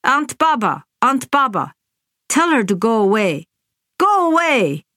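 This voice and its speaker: Storybook toddler girl, shrill and tearful, read by a woman, pitched far above the reader's own voice, speaking slowly. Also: big pitch swings, pushed and bright, no room sound, studio quality, exaggerated voice. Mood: wailing. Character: defiant wailing toddler girl.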